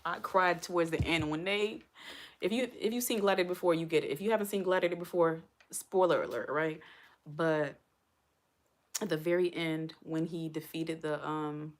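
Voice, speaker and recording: A woman's voice: sits low, normal speed. A woman hosting a casual livestream, chatting to her viewers in an emotional, talkative way and close to tears. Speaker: livestream host.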